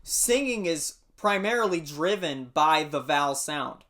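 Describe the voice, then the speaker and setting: A man teaching a singing warm-up lesson, explaining patiently and singing short demonstrations. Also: on the high side, animated, unhurried. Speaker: music teacher.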